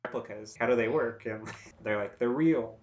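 A man co-hosting a podcast, pitching ideas haltingly with many fillers and laughs in casual chat. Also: highs cut off, slight background noise. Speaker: podcast co-host. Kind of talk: casual comedic brainstorming chat.

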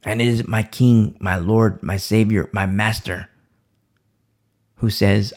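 Gravelly-voiced man preaching with emphasis. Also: lowish voice, steady tone, slow, long pauses, darkish tone. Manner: emphatic, repeats phrases for stress. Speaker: Bible teacher. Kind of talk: Bible study sermon.

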